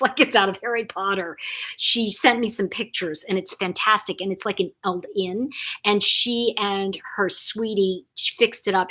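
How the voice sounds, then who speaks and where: A chatty woman hosting a live stream, talking straight to her viewers. She is effusive and warm with her audience, often restarting her sentences and filling gaps with little asides. Her pitch sits in a middle register. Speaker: host of a live chat channel. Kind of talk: casual live-stream chat reading viewer comments.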